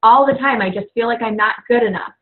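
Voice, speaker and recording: A woman's voice: a little high, fast talker. A young woman coach talking casually and earnestly to fellow coaches, rambling with lots of "you know" and "like". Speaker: fitness coach. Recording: tinny phone-like audio.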